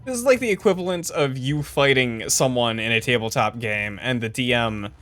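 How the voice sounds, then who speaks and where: A woman's voice: very deep voice, normal speed, a bit bright. Exasperated woman streamer ranting over game music. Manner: profane, exasperated, laughing ranting. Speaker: streamer playing a video game.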